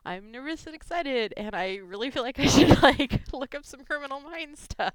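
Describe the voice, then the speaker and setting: A woman's voice: medium pitch, clear, resonant tone, dry recording. A woman chatting casually on her vlog, giggling often and gushing emotionally. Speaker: fan fiction vlogger. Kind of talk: casual chat reading gifts.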